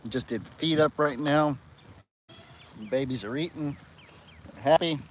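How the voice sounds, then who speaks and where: A young man chatting casually on a live stream, cooing at animals in a high voice and calling out to them loudly. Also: slow, slight background noise. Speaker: farm livestream host. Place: outdoors on a farm among animals.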